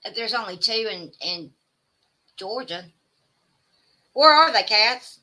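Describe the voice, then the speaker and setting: A woman's voice: a little high, animated, slow pace, bright, forceful tone. A woman with a Southern American accent, chatting casually with her livestream viewers and reading their comments aloud. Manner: chatty, exclaiming, drawling asides to chat. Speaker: livestream host reading chat. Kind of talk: casual chat.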